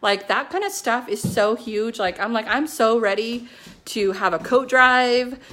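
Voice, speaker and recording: A woman at home, talking to her business team in a casual motivational pep talk, excited and chatty, filling her speech with "like" and "you know.". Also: fairly high pitch, measured pace. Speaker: network marketing team leader. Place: at home with her kids nearby.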